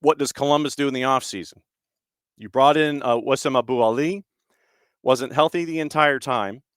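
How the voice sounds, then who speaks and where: A man hosts a soccer talk show in a casual, opinionated way. He keeps throwing out rhetorical questions. His voice is smooth and resonant, with a dry, close sound and no room echo. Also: medium pitch, normal speed, a bit bright. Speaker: soccer podcast host. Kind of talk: casual solo commentary.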